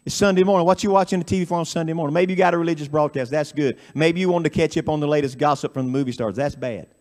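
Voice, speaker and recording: High-pitched guy preaching at a camp meeting, chanting and hollering as he gets going. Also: very fast. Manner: rising into chanted, shouted preaching. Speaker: pastor. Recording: radio broadcast of live sermon.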